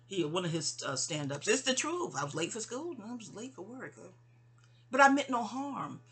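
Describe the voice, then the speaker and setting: A woman from New York speaking in a rambling, digressive personal monologue addressed to her mother, full of restarts and asides, often dropping soft. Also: mid-range voice, big pitch swings, moderate pace. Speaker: vlogger.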